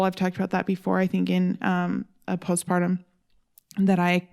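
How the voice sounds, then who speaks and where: A young woman and new mother co-hosting a podcast, talking in a thoughtful, measured, self-reflective way. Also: on the low side, a little mellow, smooth. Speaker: podcast co-host. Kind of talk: casual chat.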